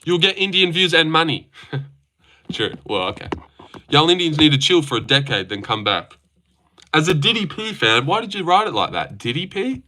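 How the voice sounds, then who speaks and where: A man's voice: on the high side, very animated, normal speed, pushed and bright, slight background noise. A young man hosting a casual livestream, bantering with his chat in a crude, teasing way and swearing often. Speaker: livestream host.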